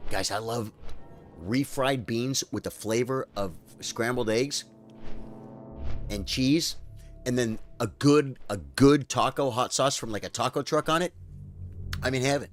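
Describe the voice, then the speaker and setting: Male streamer, casual rambling chat, mid pitch, faint music behind. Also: a little slow, long pauses. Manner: rambling, animated storytelling.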